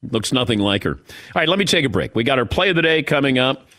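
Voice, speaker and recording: A male sports talk radio host chats casually about football into a studio mic. His voice swings widely in pitch as he jokes and throws in asides. The sound is dry and close. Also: very animated, bright, forceful tone, no echo. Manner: conversational, joking, quick asides. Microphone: studio broadcast mic.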